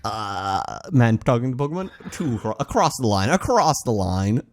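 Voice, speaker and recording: A man's voice: medium pitch, very animated, moderate pace. A man co-hosting a casual podcast while drawing, rambling and laughing often. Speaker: podcast co-host.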